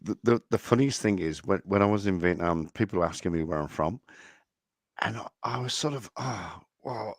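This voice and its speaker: A man's voice: deep voice, fairly quick, no echo. A British man hosting a livestream and chatting casually, rambling and tripping over his words. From Britain. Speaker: livestream host. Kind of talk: casual chat.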